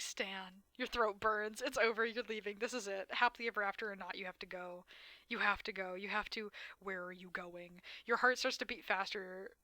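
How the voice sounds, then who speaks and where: A woman's voice: mid-range voice, sharp tone, no room sound. A woman streamer reading a dating game aloud, dramatic narration broken by blunt, swearing asides.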